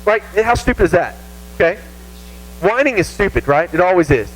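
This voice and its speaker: Southern man, youth pastor, high lively voice, casual self-mocking sermon, faint hum. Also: moderate pace, poor audio. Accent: Southern American. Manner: animated, self-mocking, acts out whiny voices. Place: church youth room.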